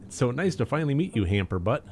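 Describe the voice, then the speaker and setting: A man's voice: mid-range voice, sing-song, quick pace, darkish tone, a little hiss or hum, voice pushed up. A man voicing a chipper, over-eager young woman housecleaner who gushes and chatters. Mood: bubbly. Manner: bubbly, gushing.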